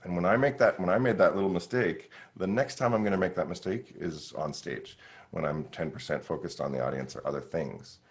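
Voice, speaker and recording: A middle-aged man, a horn player and teacher, answering questions in a relaxed way and acting out his own thoughts with frequent laughs. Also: deep voice, fairly quick. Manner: animated, acts out quoted thoughts, laughs often.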